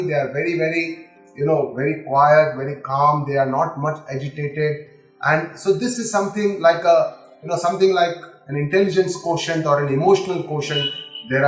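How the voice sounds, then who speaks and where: A middle-aged man with an Indian English accent lectures on scripture in a fairly high voice, patiently repeating each key term. His talk rings in an echoey room, with soft music faintly beneath it. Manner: explanatory, repeats key terms. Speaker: spiritual teacher.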